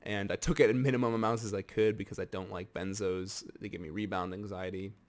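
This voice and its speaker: Young man, from the States, earnest, animated storyteller, low-pitched, personal vlog. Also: fairly quick. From United States. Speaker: vlogger. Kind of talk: candid personal vlog talk.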